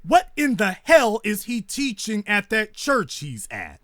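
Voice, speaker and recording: A man's voice: sits high, huge pitch swings, a little slow, sharp tone, no echo, clean studio sound. A man hosting a commentary monologue, repeating his points with rhetorical emphasis like a preacher and sounding indignant and scornful. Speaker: host.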